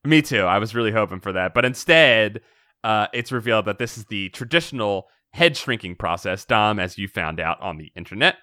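With a fairly low pitch and a brisk delivery, this man co-hosts a laid-back podcast where he recaps a book amid laughter. He's animated and swears often and freely. The audio is studio quality with no echo.

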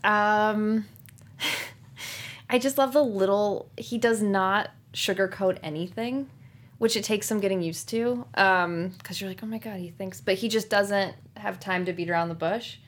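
A young woman, an actress guest, chatting in an interview in a bubbly, animated way with lots of laughter. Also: mid-range voice, unhurried. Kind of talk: casual interview chat.

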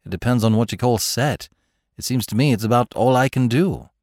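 A man's voice: medium pitch, brisk, darkish tone, no room sound, studio quality, natural voice. A man doing a blunt, flustered young lad. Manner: blunt, flustered and plain-spoken. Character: blunt, earnest nineteen-year-old young man.

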